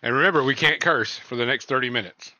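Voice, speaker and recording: A man's voice: medium pitch, quick pace, sharp tone, no echo. A man co-hosting a podcast in casual banter, teasing the others and laughing. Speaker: podcast co-host. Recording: dull, lo-fi mic.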